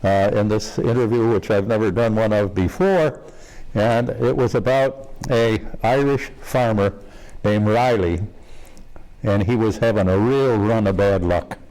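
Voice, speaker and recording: A man's voice: lowish voice, a little mellow, poor audio. An older man telling jokes in an interview, folksy and laughing at his own punchlines.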